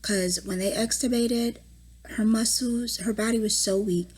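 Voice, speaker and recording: Husky, exhausted young mother, whispering often. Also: on the high side, steady tone, darkish tone. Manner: emotional, halting, often drops to a whisper. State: exhausted and distraught. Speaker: mother giving a family update. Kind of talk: personal video diary. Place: at home.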